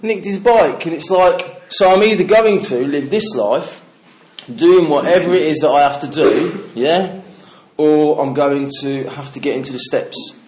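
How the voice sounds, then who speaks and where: A man's voice: on the high side, a little slow, darkish tone, a little hiss or hum. Candid swearing man from the Midlands. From English Midlands. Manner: candid, swearing, storytelling with laughs. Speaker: recovery speaker. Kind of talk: personal testimony to a meeting.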